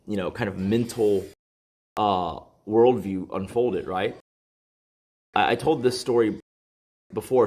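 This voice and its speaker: A man telling a story in casual chat, rambling with many fillers and restarts, swearing, and getting heated and high-pitched when exasperated. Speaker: podcast host.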